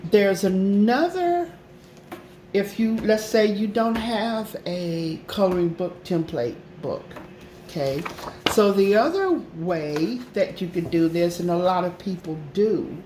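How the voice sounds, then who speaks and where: A woman's voice: fairly low pitch, a little mellow, roomy sound, slight background noise. A woman hosting a casual craft tutorial, talking in a chatty, repetitive way and often checking in with "okay?". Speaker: craft channel host.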